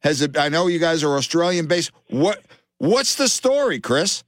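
A man hosting a fishing radio show, excitable and joking, with playful slang and frequent laughs. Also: fairly high pitch, normal speed, no room sound, clean studio sound.

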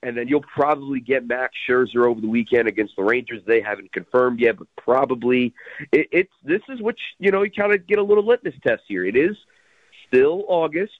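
A man calling in to a sports radio show as a guest, talking baseball quickly and energetically with lots of detail. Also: mid-range voice, no room sound. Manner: quick, energetic, packed with stats. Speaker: radio host, guest analyst. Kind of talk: sports radio call-in analysis. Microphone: phone. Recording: tinny phone line.

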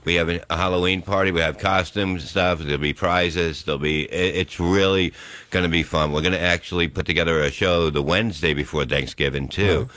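A man's voice: low voice, fairly even intonation, a little fast, a bit bright, dry recording. A man, a stand-up comedian guest on a radio show, chatting casually and rambling with repeated words. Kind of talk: casual studio chat.

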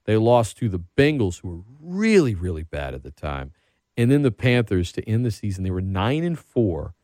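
A man's voice: fairly low pitch, moderate pace, no room sound, studio quality. A man hosting a casual sports talk show, rambling and getting worked up as he talks. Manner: animated, rambling, gets worked up. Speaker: podcast host.

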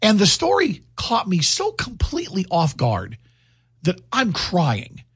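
Brief: middle-aged male radio host, husky gravel, dry studio close-mic, lively storyteller. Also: high voice, a little slow, no room sound. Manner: animated storyteller. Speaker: radio morning show host. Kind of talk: morning radio chat. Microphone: studio microphone.

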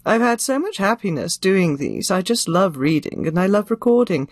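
Older woman with crisp, theatrical phrasing. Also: mid-range voice, big pitch swings, moderate pace, dry recording, clean studio sound. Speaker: audiobook narrator. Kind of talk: interview answers.

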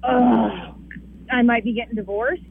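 A woman's voice: fairly high pitch, unhurried, gravelly, phone-quality sound, a little hiss or hum. A woman co-hosting a morning radio show, joking playfully in casual banter. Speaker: radio co-host.

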